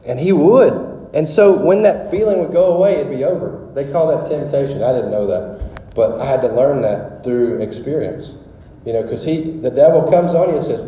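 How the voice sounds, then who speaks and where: A man's voice: medium pitch, expressive, brisk, warm tone. Preacher dude telling his story, super casual, lots of you know, big echoey hall. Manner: casual, rambling, lots of fillers. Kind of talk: sermon testimony. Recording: very echoey hall with long reverb.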